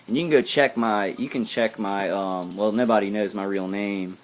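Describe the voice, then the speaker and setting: Low-voiced man rambling earnestly. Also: normal speed. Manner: rambling, earnest, frequent restarts and asides. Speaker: vlogger. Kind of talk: casual monologue to viewers.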